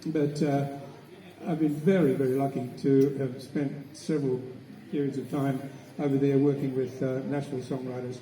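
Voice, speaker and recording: A man's voice: medium pitch, flat delivery, normal speed, dark tone, slight background noise. An older Australian man chatting to the audience between songs at a live gig in a village tavern, telling rambling anecdotes full of hesitant restarts. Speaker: singer and guitarist. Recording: roomy live recording from a distance.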